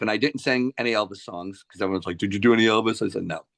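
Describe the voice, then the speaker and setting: A man's voice: fairly low pitch, racing, creaky. A middle-aged man, a musician being interviewed, telling casual stories and acting out the people in them. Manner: animated anecdotes, acts out quoted voices. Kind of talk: casual storytelling.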